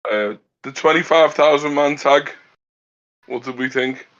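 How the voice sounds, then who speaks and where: A man's voice: fairly high pitch, measured pace, a bit bright. A man co-hosting a podcast in casual chat, hesitant and stammering as he starts. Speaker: podcast co-host. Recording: dull lo-fi sound.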